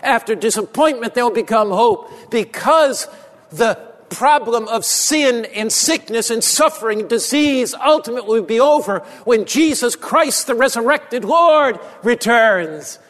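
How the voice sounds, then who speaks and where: A man preaching a sermon as pastor, with impassioned repetition and drops to a low, soft voice for emphasis. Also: animated, unhurried, long reverb tail.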